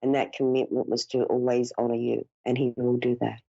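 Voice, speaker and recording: A woman's voice: very deep voice, flat delivery, brisk, vocal fry, mellow, dry recording. A woman giving a live psychic reading, speaking in a soothing, reassuring way and calling her caller dear and darling. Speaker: psychic medium host. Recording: dull lo-fi broadcast audio.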